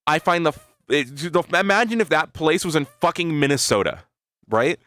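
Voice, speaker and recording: Speaking at a normal pace with lively intonation, a man with a slightly high, fairly bright voice chats casually with his stream. He thinks aloud in a rambling way, curses freely, and keeps appending "right?" There's no echo.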